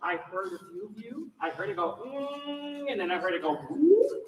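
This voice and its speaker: A man directing a choir rehearsal, giving energetic coaching instructions and demonstrations to the singers. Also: high-pitched, fast, background noise. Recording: echoey room, mic far off, faint ambience.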